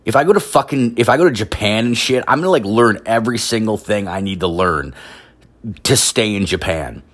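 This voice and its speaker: Young man, from Canada, slightly low voice, rambling profane storytelling, heavy "like" fillers, higher-pitched mimicry of others. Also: lively intonation, brisk. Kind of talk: profane casual storytelling rant.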